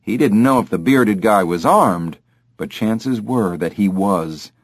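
An audiobook narrator reads a script slowly, his lower-pitched voice carrying a lively tone. The recording is studio quality, with no room sound at all.

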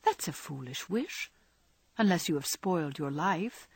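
A woman's voice: low voice, animated, a little slow, breathy edge, dry recording, full character voice. A woman voicing an earnest young woman who lectures her friend, in a storybook reading. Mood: lecturing.

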